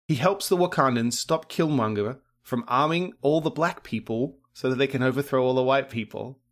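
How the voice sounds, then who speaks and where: A man's voice: mid-range voice, moderate pace. Chatty man laughing through a movie chat. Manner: laughs often, tells theories with mock quotes. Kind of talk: casual podcast chat about movies.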